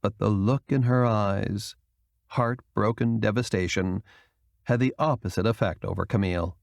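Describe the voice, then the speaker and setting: A man reading a romance novel as an audiobook narrator, in an expressive storytelling manner. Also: on the low side, moderate pace, gravelly, dry recording. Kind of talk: scripted narration.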